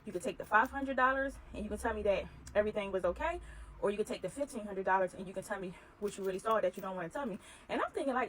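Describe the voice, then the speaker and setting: A woman telling a personal story in casual chat, acting out the dialogue with animated energy. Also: medium pitch, very fast, slight background noise, rough recording.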